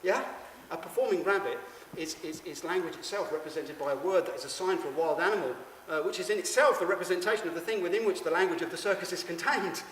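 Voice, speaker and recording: Male stage performer, stammering absurd monologue; higher voice, distant mic, reverberant venue. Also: fast, few pauses, fairly bright tone, slight background noise. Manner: rambling, stammering, addresses the audience. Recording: echoey hall, mic far off.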